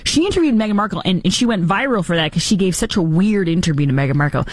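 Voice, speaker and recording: Woman talk host, low voice, lively swooping pitch, dry close sound, sarcastic and mocking. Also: quick pace, no echo. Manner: mocking, sarcastic, puts on silly voices for impressions. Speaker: radio talk show host. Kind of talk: sarcastic political commentary.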